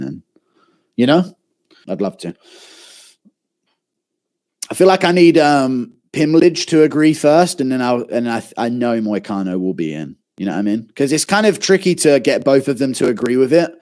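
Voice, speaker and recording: A man rambling through a live stream, reading out chat questions and answering with loose, profane banter. His pitch swings up and down a lot as he talks, and fillers pile up between thoughts. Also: darkish tone. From England. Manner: swears freely, rambling banter with lots of fillers.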